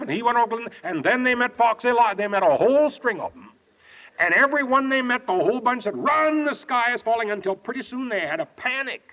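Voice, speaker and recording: Animated, high-voiced old preacher. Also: male voice. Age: older. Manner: folksy, animated storyteller. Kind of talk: storytelling sermon. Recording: dull lo-fi archive tape.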